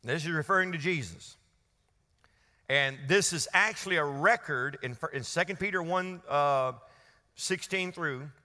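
A man's voice: a little high, a little slow, sharp tone. A man preaching a sermon to a congregation, leading call-and-response. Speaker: pastor. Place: church hall. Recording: long church reverb.

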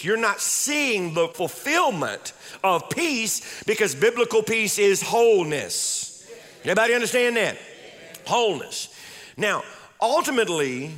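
A man's voice: high voice, sharp tone. A male pastor preaching a sermon with emphatic delivery, repeating key words and calling on the congregation to respond.

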